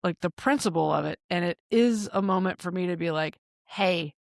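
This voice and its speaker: A woman in her thirties co-hosting a podcast, telling a story in casual chat, animated and swearing freely. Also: lowish voice, normal speed, creaky, no echo, clean studio sound. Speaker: podcast co-host.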